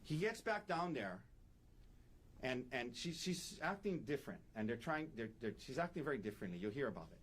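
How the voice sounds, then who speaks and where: A man's voice: medium pitch, very animated, brisk, a bit bright, a little hiss or hum. A man, a defense attorney, giving an emphatic courtroom opening statement and repeating his key points.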